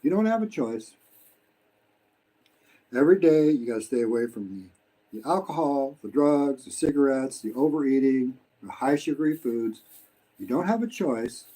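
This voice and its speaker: A man's voice: medium pitch, animated, normal speed, dark tone, rough recording. A man in his sixties from the United States, talking bluntly and preachily in a casual live-stream while eating, swearing freely. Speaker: vlogger. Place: home in the Philippines.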